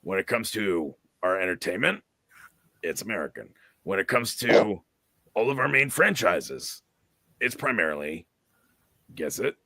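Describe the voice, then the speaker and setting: A man hosts a casual, opinionated chat with an emphatic, animated delivery and a bright, forceful tone. His voice is gravelly and a bit raspy, and the recording is dry and close. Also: sits low, unhurried, long pauses, no room sound. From Canada. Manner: animated, emphatic, repeats words. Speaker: host.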